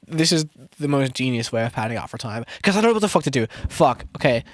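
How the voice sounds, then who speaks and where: Casually addressing his stream mid-session, a young producer speaks a little fast in a mid-range, fairly bright voice with lively intonation. The sound is dry and studio-clean, and his talk rambles, swears, mocks himself and keeps restarting.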